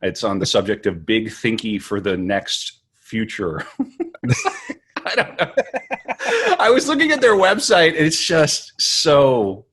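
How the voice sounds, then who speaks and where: A man's voice: mid-range voice, wildly swooping pitch, slow, a bit bright, breathy edge. A man hosting a podcast, chatting casually with dry, sarcastic jokes. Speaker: podcast host. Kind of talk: casual comedic chat.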